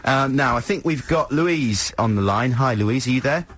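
A man's voice: medium pitch, animated, moderate pace, fairly bright tone. A man co-hosting a comedy radio show, wry and mock-serious with the listeners. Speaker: radio host. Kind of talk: casual radio banter.

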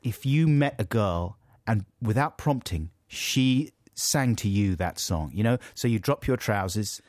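A man's voice: on the low side, lively intonation, a little slow, darkish tone, dry recording, clean studio sound. A British man co-hosting a comedy podcast, playful and giggly, reading out listener messages. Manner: playful, giggly, breaks into silly singing. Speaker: podcast co-host. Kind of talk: casual comedic chat.

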